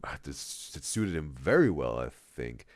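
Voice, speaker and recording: A man's voice: very deep voice, big pitch swings, unhurried, no room sound, studio quality. A man hosting a casual live-stream reaction, reading chat aloud and rambling with repeated words.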